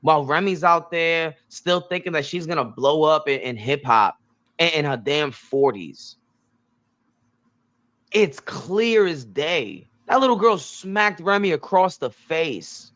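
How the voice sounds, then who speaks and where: A man's voice: fairly high pitch, lively intonation, slow, fairly bright tone. A young man hosting commentary, reacting to interview clips in a blunt, emphatic way and repeating his points. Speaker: commentary host.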